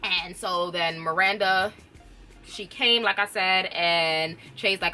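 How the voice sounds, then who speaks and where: A woman's voice: fairly low pitch, takes it slowly, pushed and bright. A woman reviewer casually recapping a TV episode, chatty and often laughing. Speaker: TV show reviewer.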